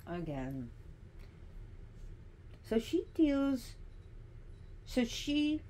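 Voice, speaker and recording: A woman's voice: on the low side, a little hiss or hum. A woman giving a casual teaching monologue, chatty and digressive, with sassy asides.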